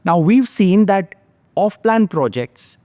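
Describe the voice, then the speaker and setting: A man with a fairly high voice hosts a podcast and talks through figures step by step, often checking in with a quick "yeah?". The sound is dry and close, with no room echo. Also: animated, warm tone. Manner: analytical, walks through numbers with checking tags like "yeah?". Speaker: podcast host, real estate analyst. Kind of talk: podcast discussion.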